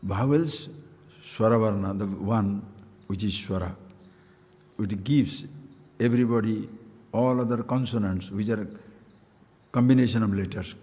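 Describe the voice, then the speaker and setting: A man giving a spiritual discourse, playful and animated, chanting syllables with big leaps in pitch. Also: unhurried, long pauses. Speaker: spiritual teacher. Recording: long hall reverb.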